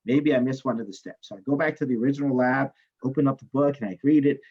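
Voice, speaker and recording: Animated male chemistry teacher, lo-fi. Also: medium pitch, fast talker, slightly rough. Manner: animated storyteller, asks "right?" often, swears. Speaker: chemistry instructor. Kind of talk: classroom lecture, telling a personal story. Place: classroom.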